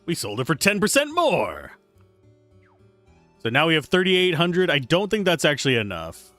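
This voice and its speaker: A man's voice: a little high, huge pitch swings, normal speed, fairly bright tone, no echo, faint music behind. A man streaming a game live, chatting casually and joking while reading game text aloud. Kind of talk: casual live gameplay commentary.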